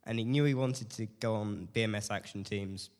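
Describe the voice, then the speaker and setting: A late-teen man with a cold gives a hesitant personal testimony to a church group, nervous and self-deprecating, with lots of fillers. His voice is fairly low and a bit mellow, at a normal speed, with a long reverb tail.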